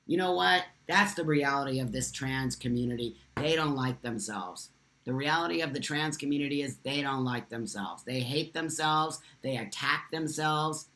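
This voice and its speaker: A man's voice: medium pitch, moderate pace, bright, forceful tone. Man, live-stream host, impassioned, emphatic, repeats phrases, phone mic. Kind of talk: live-stream chat, answering viewer comments.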